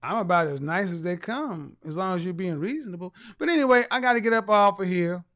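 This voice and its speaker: A man's voice: high voice, animated, a little fast. A man hosting a casual livestream, reading out viewer comments in a mocking, teasing way. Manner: bursts of loud laughter. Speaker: live show host reading viewer comments.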